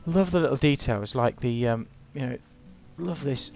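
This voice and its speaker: Gravelly man narrating gameplay. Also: medium pitch, normal speed, few pauses, darkish tone, soft background music. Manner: chatty, playful, self-mocking. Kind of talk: casual gameplay commentary.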